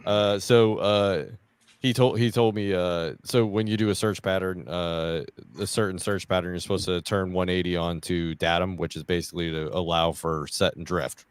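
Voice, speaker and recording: A former coxswain in casual podcast chat who explains things in a patient, low-key way. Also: male voice, smooth, no room sound. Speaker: former Coast Guard coxswain.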